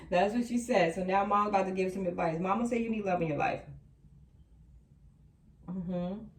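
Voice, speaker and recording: A woman's voice: medium pitch, normal speed, pauses often. A woman doing a tarot reading for viewers, reassuring and emphatic, repeating her key lines. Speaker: tarot reader. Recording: roomy sound from a distant mic.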